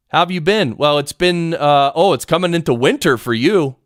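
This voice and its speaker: A man teaching podcast audio production on a live stream, rambling and excitable, often interrupting himself, speaking into a studio mic in a home studio. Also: fairly high pitch, moderate pace, dry recording. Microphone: studio mic through audio recorder.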